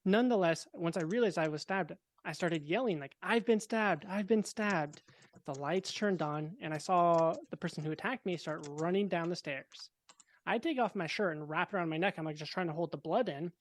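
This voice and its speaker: A young man, a podcast guest, telling a personal story in a relaxed, casual way with wry, deadpan dark humor. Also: fairly high pitch, fairly quick.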